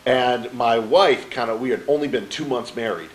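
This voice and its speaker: A man's voice: mid-range voice, moderate pace, a little hiss or hum, rough recording. A middle-aged man telling a personal story as an interview guest. He acts out the dialogue and keeps checking in with the listener. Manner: animated storyteller who acts out quoted dialogue; peppers his story with "right?" to the host. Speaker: interview guest, motivational speaker.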